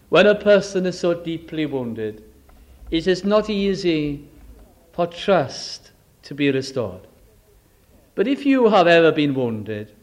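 Male preacher, high voice, unhurried, intimate sermon delivery. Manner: slow, earnest, with dramatic rises and hushed drops.

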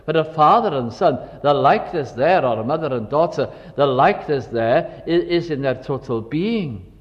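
A man's voice: fairly high pitch, animated, moderate pace. An older man preaching a sermon, reflective and full of storytelling asides. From Wales. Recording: dull recording with long hall reverb.

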